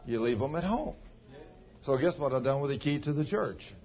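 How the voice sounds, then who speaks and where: A man's voice: mid-range voice, lively intonation, moderate pace. A man pastor telling stories in a folksy, homespun sermon, with plain country grammar. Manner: folksy, ungrammatical country speech. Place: church. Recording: dull lo-fi sound.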